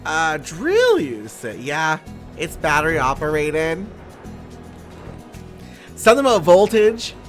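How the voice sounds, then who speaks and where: A bubbly young woman chatting casually on a live game stream, playful and giggly with a swear here and there. Her pitch bounces animatedly from high to low. Faint game music runs underneath. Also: sing-song, slow, pauses often. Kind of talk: casual live-stream chat while gaming.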